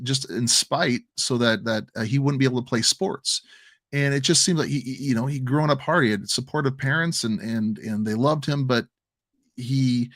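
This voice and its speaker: A man's voice: mid-range voice, fairly bright tone, no echo. A man from the American Midwest, co-hosting a crypto livestream, telling an emotional story with many restarts and repeated words. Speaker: crypto stream co-host. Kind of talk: casual livestream chat.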